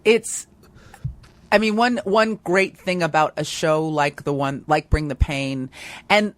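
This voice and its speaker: A woman's voice: deep voice, takes it slowly, no room sound. A woman hosting a comedy talk show, chatting eagerly with her guest and swearing casually. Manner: enthusiastic, agreeable, profane. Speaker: podcast host. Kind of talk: casual interview chat.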